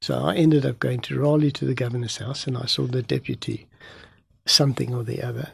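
A man, a pastor from Africa, telling a story in an animated way and acting out the dialogue. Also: medium pitch, a little fast, creaky, husky, no room sound, clean studio sound. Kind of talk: storytelling testimony in an interview.

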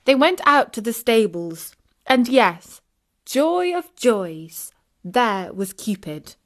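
Woman, storyteller, children's audiobook narration, clear, expressive. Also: on the high side, takes it slowly.

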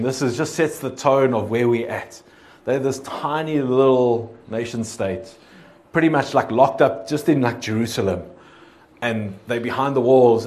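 A man preaching in a relaxed, hesitant way, reading scripture aloud with many fillers and restarts. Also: mid-range voice. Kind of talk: casual sermon with scripture reading.

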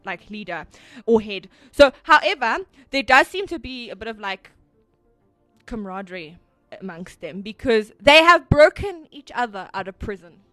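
A woman's voice: fairly high pitch, normal speed, no room sound, soft background music. Chatty woman co-host, dry close sound. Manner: animated storyteller, many fillers and restarts. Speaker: podcast co-host. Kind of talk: casual chat.

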